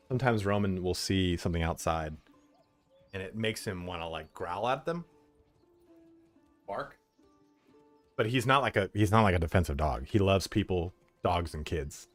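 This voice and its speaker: With soft music in the background, a man streams a strategy game in a low, unhurried voice that pauses often. He chats casually and swears freely, stopping now and then to tell his dog what to do at home.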